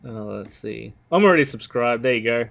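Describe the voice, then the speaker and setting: A man's voice: medium pitch, expressive, brisk, gravelly, fairly bright tone, dull audio. A man chatting on a stream as a guest. He is blunt and joking, and he swears often. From Australia. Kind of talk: casual stream chat.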